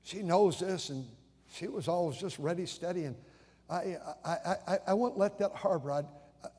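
Older guy preaching, husky and a bit high, stumbles and repeats himself, church echo. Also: moderate pace, darkish tone. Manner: conversational storytelling, frequent repeated stammered starts. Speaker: pastor. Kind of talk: sermon. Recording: long hall reverb.

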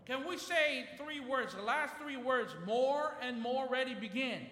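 A man's voice: very high voice, a little slow, bright, forceful tone, a little hiss or hum. A man preaching a fervent sermon in church, leading the congregation in call-and-response. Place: church sanctuary. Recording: church hall reverb.

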